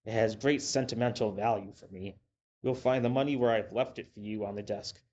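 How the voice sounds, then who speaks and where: A man's voice: on the low side, steady tone, brisk, darkish tone, dull audio, lightly acted. A man playing a courtly stranger with an English accent. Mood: courteous. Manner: precise, formal. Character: precise, courtly old-fashioned gentleman stranger.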